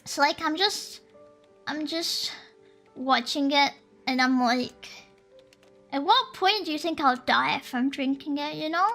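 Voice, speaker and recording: A woman's voice: high voice, takes it slowly, long pauses. A young woman from Sweden, streaming and chatting casually with viewers in a giggly, playful way. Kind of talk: casual chat while reading viewer comments. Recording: soft lo-fi music underneath.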